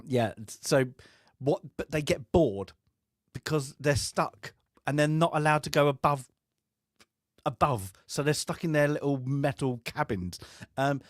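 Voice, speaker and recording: Studio-quality audio with no room sound captures a man whose voice runs on the high side and who speaks unhurriedly. He co-hosts a film review podcast, casually telling an anecdote while laughing a lot and imitating the voices of those he quotes.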